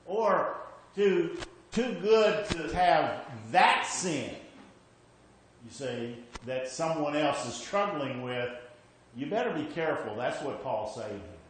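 Emphatic preacher in a very echoey hall. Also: male voice, fairly high pitch, lively intonation, slow, a little hiss or hum. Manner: emphatic, repeats questions and frequent "okay?" checks. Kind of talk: sermon. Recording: very echoey hall with faint ambience.

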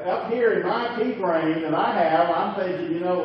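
A man's voice: high-pitched, moderate pace, hardly any pauses. Male pastor, middle-aged, chatty sermon delivery, heard from a distance in a very echoey hall with a dull, slightly noisy sound. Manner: conversational, asks the audience "okay?" and "right?".

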